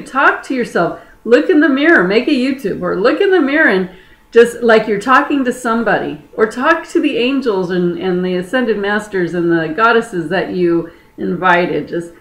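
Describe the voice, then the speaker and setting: A bubbly woman with a fairly high voice teaches manifestation, moving from soft, thoughtful musing to loud, excited whoops of affirmation. Her voice carries a roomy echo, as if recorded in an open space. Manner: enthusiastic, bursts into excited whoops. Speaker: spiritual healer.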